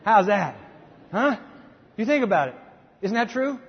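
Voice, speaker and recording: His voice is high-pitched, sing-song and husky at a measured pace; this middle-aged preacher gives an emphatic, conversational sermon, repeatedly restarting phrases to push his point. The hall adds long reverb to dull-sounding audio.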